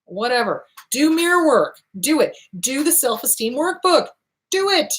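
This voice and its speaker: A woman's voice: big pitch swings, moderate pace. A woman hosting an advice show, answering viewer questions in a blunt, emphatic way, repeating short commands for emphasis. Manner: acts out quoted voices with big pitch swings. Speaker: host answering viewer questions on abuse recovery. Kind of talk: casual advice talk.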